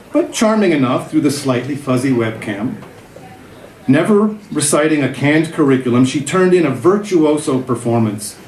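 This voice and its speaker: A man's voice: on the high side, slight background noise. A man in his fifties reading a personal essay aloud to a live audience, with a wry, self-mocking delivery. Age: 50s. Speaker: reader. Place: festival event room with a live audience. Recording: echoey room, loud crowd laughter.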